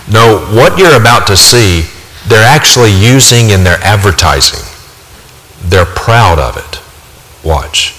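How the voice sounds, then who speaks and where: A man preaching a sermon with forceful, emphatic delivery, repeating his key points for weight. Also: on the low side, expressive, measured pace. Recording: long hall reverb.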